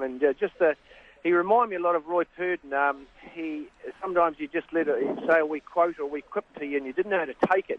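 A man with a New Zealand accent, a trainer calling in to a radio show, telling rambling stories with lots of ums. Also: on the high side. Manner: rambling storyteller, many ums. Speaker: guest trainer. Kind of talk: phone-in radio interview. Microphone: phone. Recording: tinny phone line.

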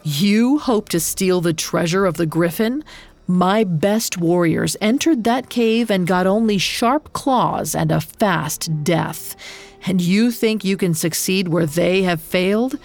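Woman voicing a one-eyed warrior chief, storybook, slow, low, quiet, menacing. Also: vocal fry, faint music behind.

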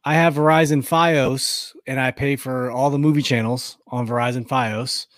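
A man's voice: mid-range voice, fairly even intonation, normal speed, dry recording, studio quality. A man co-hosting a podcast, explaining things in a matter-of-fact way. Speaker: podcast co-host. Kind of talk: casual banter.

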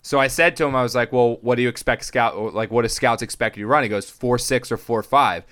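A young man chatting casually on a sports podcast, telling stories and acting out what others said with big jumps in his voice. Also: fairly quick. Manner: animated storyteller, acts out quotes with big pitch jumps. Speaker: sports reporter and podcast guest.

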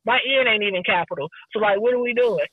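A woman's voice: mid-range voice, fast talker, no echo, phone-quality sound. A woman in her forties, a guest who hosts her own podcast, chatting casually in a blunt, slangy way and laughing easily.

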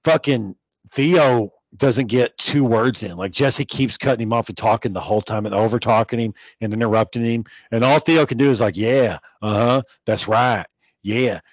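Man, casual podcast chat, profane, animated storytelling, dry close sound. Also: medium pitch, normal speed, no echo, highs cut off.

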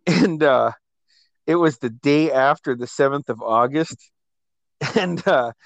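A man's voice: medium pitch, dry recording. A man telling rowdy party stories in a casual chat, swearing freely and laughing as he goes. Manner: profane, animated storytelling with laughter. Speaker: host.

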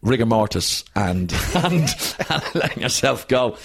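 A comedian talking in a relaxed chat, his voice husky and slightly breathy. He tells his stories with animation, restarting sentences as he goes. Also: mid-range voice, measured pace. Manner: animated storyteller, restarts a lot. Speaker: guest, comedian and actor. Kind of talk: casual chat.

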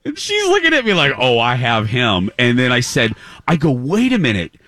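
Radio host guy telling a story, voice jumps all over, bright edge, super dry sound. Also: mid-range voice, normal speed, no room sound. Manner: animated, acts out voices in anecdotes. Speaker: radio morning show host. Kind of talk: casual on-air storytelling. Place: live remote broadcast at a clinic.

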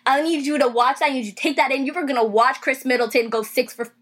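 A woman with a high-pitched voice co-hosts a casual sports podcast. She talks fast and emphatically, building into a rant. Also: steady tone, husky. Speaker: podcast co-host.

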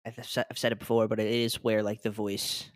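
A person hosting a podcast in casual chat, asking relaxed, curious questions and giving short reactions. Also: medium pitch, a little fast. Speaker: podcast host.

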